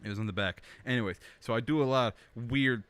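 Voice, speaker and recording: Speaking fast in a medium-pitched, fairly bright voice, a young web show host records on a studio mic in his small indoor home studio. His monologue is rambling, jokey and self-deprecating, with lots of restarts.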